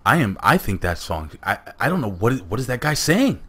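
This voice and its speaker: A man hosting a casual wrestling chat, animated and jokey, swearing now and then. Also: medium pitch, fairly quick, breathy edge. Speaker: podcast host.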